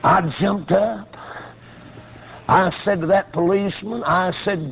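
A man, preaching a folksy storytelling sermon that breaks into shouts. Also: high voice, slow, long pauses, husky. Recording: dull lo-fi old recording.

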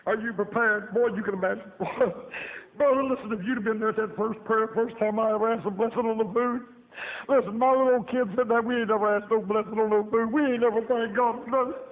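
High-voiced man preaching over tinny radio. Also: steady tone, brisk. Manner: folksy, emphatic, laughing often, repeats phrases. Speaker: preacher giving his testimony. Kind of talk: sermon testimony storytelling. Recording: tinny phone-like radio broadcast.

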